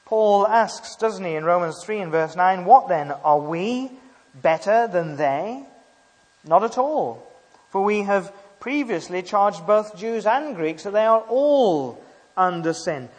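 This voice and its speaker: Man, preacher, sermon, fairly high voice, long hall echo, emphatic, lots of hesitations. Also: lively intonation, takes it slowly. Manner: emphatic, rhetorical tag questions, frequent hesitations.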